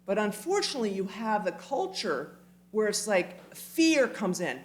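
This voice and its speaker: A woman giving an animated, emphatic community talk, with quick asides, in a church hall. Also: medium pitch. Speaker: speaker.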